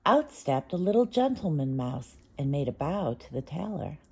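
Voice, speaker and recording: A woman reading a classic children's story aloud in a gentle, measured way. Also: deep voice, sing-song, gravelly, breathy edge.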